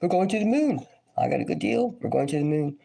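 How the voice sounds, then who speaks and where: A boastful male politician , as a woman puts him on, bragging over and over in a low, gravelly, dark voice. The imitation is loose and stays close to her own scratchy speaking voice. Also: big pitch swings, a little fast, exaggerated voice. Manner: repetitive, boastful.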